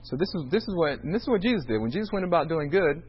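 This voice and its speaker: Guy with a kinda high voice telling faith stories, acts out all the talking, muffled lo-fi sound. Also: very fast, breathy edge. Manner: animated storyteller acting out dialogue. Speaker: restaurant owner sharing a faith testimony. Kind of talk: storytelling faith talk with scripture quotes. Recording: dull lo-fi recording.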